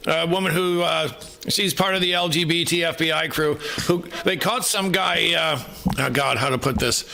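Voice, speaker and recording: A man's voice: fairly high pitch, moderate pace, gravelly, bright, forceful tone. A male comedian guest, wisecracking through a casual chat. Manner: joking, wisecracking.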